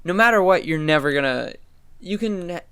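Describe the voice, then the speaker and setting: A fairly high, bright-toned man with a gravelly edge to his voice. He keeps pressing his point insistently in a casual podcast argument. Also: expressive, normal speed, dry recording. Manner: insistent, persistent. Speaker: podcast co-host. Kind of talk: casual argument among friends.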